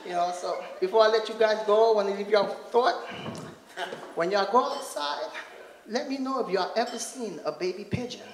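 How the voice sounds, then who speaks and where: A man's voice: high-pitched, normal speed. A man doing a stand-up set in a comedy club, swearing and rambling with constant "you know" asides. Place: comedy club stage before a live audience. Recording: echoey club, loud crowd laughter.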